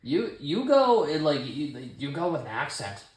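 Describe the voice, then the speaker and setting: A woman's voice: deep voice, sing-song, measured pace, darkish tone, roomy sound. A woman from Canada co-hosting a podcast, chatting casually, laughing and swearing now and then. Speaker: podcast co-host. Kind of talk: casual chat.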